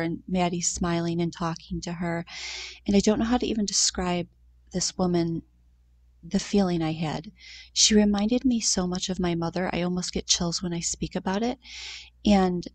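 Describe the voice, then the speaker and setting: A woman's voice: lowish voice, steady tone, normal speed, a little mellow, no room sound. Woman in her thirties, heartfelt, conversational, personal storytelling, dry close sound. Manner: heartfelt, conversational, acts out quoted voices. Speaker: mother sharing a grief story.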